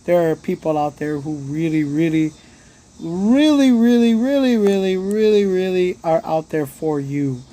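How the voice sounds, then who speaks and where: A man's voice: fairly high pitch, fairly even intonation, normal speed, few pauses, mellow. A man hosting a live stream from his phone, giving blunt, earnest pep talk to his viewers and swearing freely. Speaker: livestream host. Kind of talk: casual motivational livestream talk.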